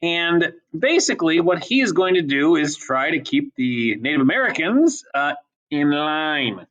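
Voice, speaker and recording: A man teaching a history class in a casual, chatty lecture style, with many ums and quick asides. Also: on the high side, sing-song, a bit bright, muffled recording.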